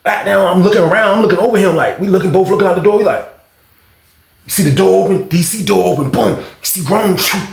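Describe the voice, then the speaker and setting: A man telling a casual storytime vlog, profane and animated, acting out noises and other people's voices. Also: sits high, fast talker, vocal fry. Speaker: storyteller recounting prison life. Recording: echoey room.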